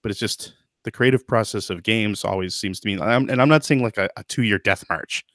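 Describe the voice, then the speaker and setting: Low-voiced man musing on a podcast. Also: a little fast, fairly bright tone, dry recording, studio quality. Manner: thoughtful, hedging, many fillers and restarts. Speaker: podcast host. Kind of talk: casual podcast chat.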